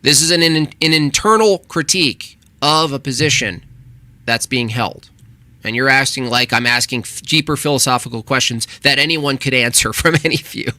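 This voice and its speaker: A man's voice: medium pitch, normal speed, pushed and bright, no room sound. Combative, swearing male host. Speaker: channel host reacting to a video. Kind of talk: heated casual reaction commentary.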